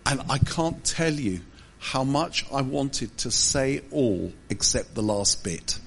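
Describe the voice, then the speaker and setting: A man's voice: mid-range voice, lively intonation, takes it slowly, vocal fry, a bit bright, a little hiss or hum. A man pastor giving a humorous sermon, telling self-deprecating stories with asides. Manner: self-deprecating storytelling with jokes.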